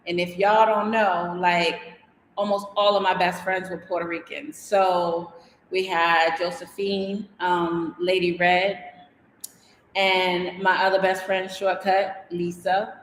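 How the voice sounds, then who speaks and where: A woman's voice: lowish voice, a little hiss or hum. A woman hosting a casual livestream from her house, rambling chattily and reading viewer comments aloud. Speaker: DIY and design vlogger. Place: house interior in Mexico. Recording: echoey room with long reverb.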